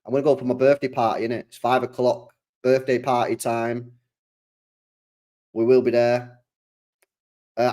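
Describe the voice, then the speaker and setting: A man's voice: mid-range voice, darkish tone. A young man chatting casually to viewers on a live stream, slangy and full of restarts.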